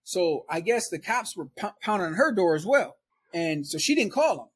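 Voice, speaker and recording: A man from Milwaukee telling a story in casual street slang, animated and often laughing. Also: high-pitched, moderate pace, breathy edge. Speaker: storyteller guest.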